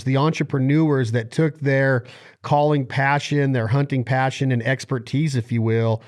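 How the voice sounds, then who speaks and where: A man's voice: mid-range voice, darkish tone. A man hosting a podcast, asking questions in an enthusiastic, loosely phrased casual way. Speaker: podcast host. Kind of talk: casual interview chat.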